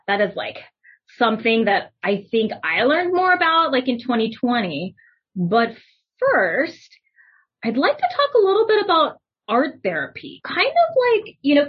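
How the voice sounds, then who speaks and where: A woman hosting a podcast, chatting casually and warmly with lots of fillers. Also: a little high, slightly rough, dull audio. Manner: friendly, chatty, lots of likes and ums. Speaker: podcast host, therapist. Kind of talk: casual interview chat.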